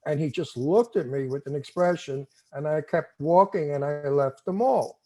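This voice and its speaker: An older man with a tough Brooklyn New York accent tells a story in a casual interview. His voice sits a little high but sounds mellow and warm, and he acts out what people said. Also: normal speed, few pauses. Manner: animated storyteller, acts out quotes. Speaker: TV show host, interviewee.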